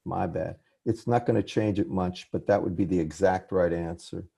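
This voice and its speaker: Gravelly low-voiced professor, apologetic. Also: male voice, steady tone, normal speed, warm tone. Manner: apologetic, restarts and self-corrections. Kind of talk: lecture over a video call. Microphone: computer mic on a video call.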